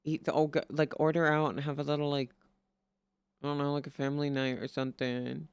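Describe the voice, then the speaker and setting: A man's voice: a little high, flat delivery, a little fast, gravelly, clean tone, no room sound. A man streaming and chatting casually, rambling and swearing as he gives friendly advice in a playful put-on Southern drawl. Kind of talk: casual chat.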